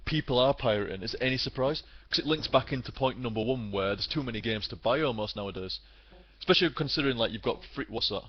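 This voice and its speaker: A man's voice: mid-range voice, expressive, fast talker, few pauses, a little hiss or hum. A British man in his twenties, a gaming streamer, ranting bluntly and swearing a lot in casual commentary. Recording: slightly dull lo-fi sound.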